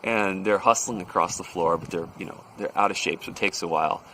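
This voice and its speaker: A man telling a workplace story in a casual, animated way, acting out the people in it. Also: low voice, a little fast, slight background noise, poor audio. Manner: animated, acts out quoted voices.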